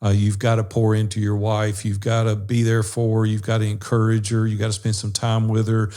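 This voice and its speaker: Pitched on the low side and a little fast, his delivery stays completely flat even as he tells warm, folksy stories full of "y'all" and "fixing to." He's a co-host on a business brotherhood podcast, chatting casually.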